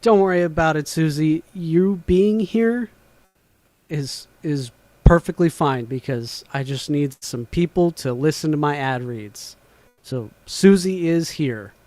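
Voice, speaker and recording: A man's voice: on the high side, measured pace, darkish tone, no echo. A man hosting a casual livestream from home, rambling, swearing casually and laughing often. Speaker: livestream host. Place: home room.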